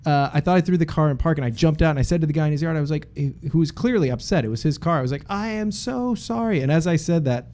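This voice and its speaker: A man's voice: on the high side, rapid-fire, few pauses. A man from Boston, a podcast co-host telling stories in a casual chat and putting on voices for the people in them. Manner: animated, puts on voices in his stories.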